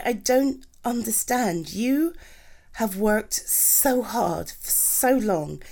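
A woman performing a romantic comfort audio roleplay, gushing and reassuring as she speaks to an unseen partner. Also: a little high. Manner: slow, lively, swooping speech.

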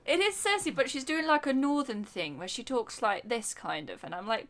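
A woman co-hosting a casual film chat, chatty and quick to laugh. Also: a little high, lively intonation, fairly bright tone. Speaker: podcast co-host.

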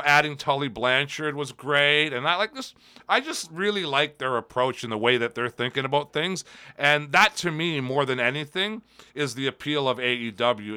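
A man co-hosting a casual chat show, talking in an emphatic, animated way and swearing freely. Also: fairly high pitch, clean tone. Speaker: podcast co-host.

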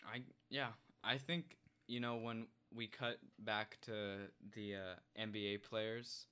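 Low voiced guy chiming in on a movie chat, short dry comments. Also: flat delivery, slow pace, sharp tone, smooth. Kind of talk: casual movie discussion.

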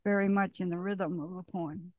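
A woman in a group discussion making a measured, reflective remark. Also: fairly low pitch, steady tone, a little mellow, no room sound, muffled recording. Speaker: participant.

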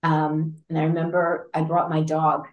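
A woman with a notably low voice recounts her story as an interview guest. She talks animatedly, laughing often and circling back with fillers and restarts. The recording has a roomy, echoey sound. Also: monotone, normal speed, lo-fi sound. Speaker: interview guest, patient advocate. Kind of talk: conversational storytelling. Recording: roomy echo.

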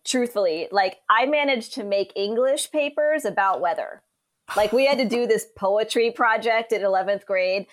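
A lively woman guest recounting stories from her life on a podcast. She talks casually, laughs through her anecdotes and acts out the voices of the people she quotes. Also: a little high, normal speed. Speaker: meteorologist guest. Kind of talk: casual storytelling interview.

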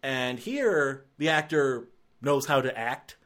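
A man's voice: medium pitch, expressive, slow pace, a bit bright. A man giving a casual, rambling film review, often exasperated and filling his talk with "like".

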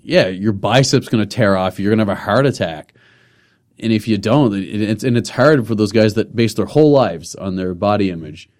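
A man's voice: lowish voice, normal speed, a little mellow. A man in his twenties, a comedian and personal trainer, chatting loosely as a podcast guest in a studio with many restarts and fillers. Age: 20s. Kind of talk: casual podcast conversation.

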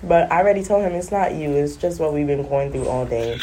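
A woman telling a funny story in a casual vlog, animated, acting out voices and laughing often. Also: low voice, fairly quick, slight background noise.

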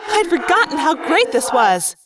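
A woman reading the part of a bold, excitable teenage girl, voiced higher and louder than her narration. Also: moderate pace, very noisy. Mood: thrilled. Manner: excited, loud. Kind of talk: audiobook character reading.

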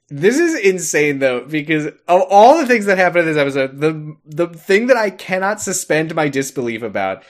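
A man's voice: fairly high pitch, big pitch swings, moderate pace, few pauses. A man co-hosting a podcast, recapping a TV episode in casual chat with a sarcastic, exasperated manner and some swearing. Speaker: podcast co-host.

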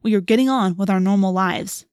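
A woman's voice: mid-range voice, fairly quick, darkish tone, clean tone, dry recording, studio quality, close to an everyday voice. Sarcastic teenage boy, wisecracking, voiced by a woman narrator, storybook read. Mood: mocking.

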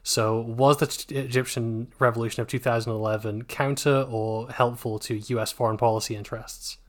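A man co-hosting a casual book podcast, making sarcastic deadpan jokes and swearing casually. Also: mid-range voice, normal speed. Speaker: podcast co-host. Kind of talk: casual book-discussion chat.

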